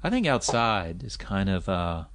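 A man hosting a podcast, chatting casually and teasing himself with quick questions. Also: low voice, big pitch swings, a bit bright, a little hiss or hum. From New York. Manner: joking, self-deprecating, quick questions. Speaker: podcast host. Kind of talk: casual chat.

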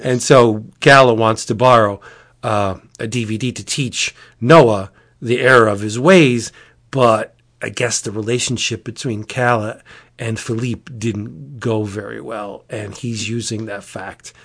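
A man chatting casually as a podcast host, retelling a comic in a rambling, animated way. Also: on the low side, unhurried. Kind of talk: casual chat.

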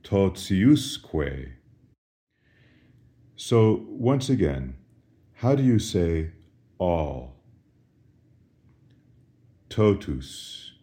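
A man, a priest, teaching Latin responses in a slow drill, asking each phrase and answering with careful, precise pronunciation. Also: deep voice, very animated, warm tone. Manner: slow, deliberate, repeats questions and answers.

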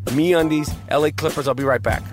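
Over music, a sports podcast host with a fairly high voice reads an ad and talks sports at a brisk clip. He is brash, profane and rambling, constantly checking in with "okay?".

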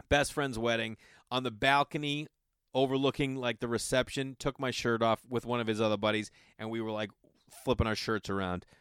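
A man's voice: smooth, no room sound, studio quality. A middle-aged man telling a long comic story, acting out the voices of the people in it. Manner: animated, acts out quoted friends with big pitch jumps. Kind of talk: storytelling stand-up.

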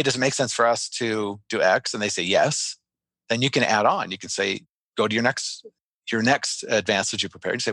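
A man talks quickly and energetically about closing sales, the words tumbling out. He throws himself into a story and acts out his own reactions along the way. The sound is dry and close, with no room around it. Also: lowish voice, gravelly, a bit bright, no echo. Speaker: sales trainer guest. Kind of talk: podcast conversation with storytelling.

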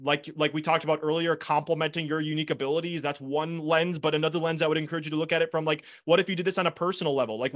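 A man's voice: on the high side, a bit bright. A man hosting a podcast in casual interview chat, earnest and rambling, often restarting his sentences and swearing a little. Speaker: podcast host. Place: home studio with foam panels.

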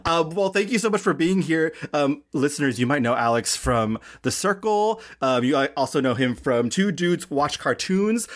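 A man hosting a podcast, chatting excitably with quick asides over a video call. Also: a little high. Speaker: podcast host. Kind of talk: casual chat.

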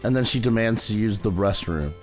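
A man playing a tabletop game, jokey and deadpan. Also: on the low side, brisk, soft background music. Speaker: player. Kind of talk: casual tabletop game play.

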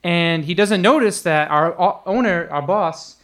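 A man's voice: a little slow, fairly bright tone. Laughing, storytelling young man. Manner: laughing storyteller, acts out quotes in a higher voice. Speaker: podcast co-host telling restaurant stories. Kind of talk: casual chat.

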